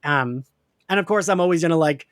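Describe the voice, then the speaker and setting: A man's voice: a little high, fairly quick, no room sound, studio quality. A man with a Philadelphia-area accent co-hosting a podcast, talking casually, laughing often and swearing now and then. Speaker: podcast co-host. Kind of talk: casual chat.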